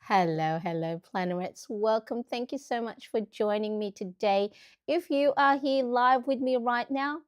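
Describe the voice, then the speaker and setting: A woman's voice: medium pitch, darkish tone. Chatty middle-aged woman hosting a livestream. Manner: chatty, greets viewers by name. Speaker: planner channel host. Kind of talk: casual live-stream chat.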